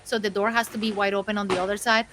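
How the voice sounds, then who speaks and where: A woman voicing an anxious, clever male house cat in an improvised comic voiceover, muttering quickly. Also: medium pitch, flat delivery, fairly bright tone, slight background noise, voice pushed down, close to an everyday voice. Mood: fretful.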